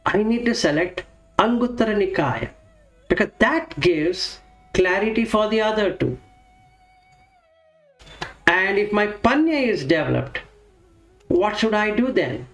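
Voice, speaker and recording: A man's voice: sits high, animated, unhurried, pauses often, fairly bright tone. A man giving a reflective teaching talk on Buddhist practice, explaining step by step and asking and answering his own questions. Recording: roomy echo with faint music.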